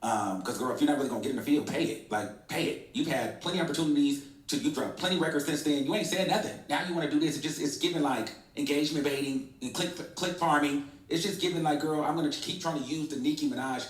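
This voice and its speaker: Woman ranting fast about a show, echoey room, mic kinda far. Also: sits low. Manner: animated, emphatic, calls people girl. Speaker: reaction video host. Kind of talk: opinionated casual commentary.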